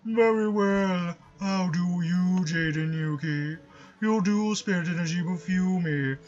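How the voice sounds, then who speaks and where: A man voicing a pompous old male villain who speaks slowly and grandly, over game music. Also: high-pitched, darkish tone, dull audio, voice pushed up.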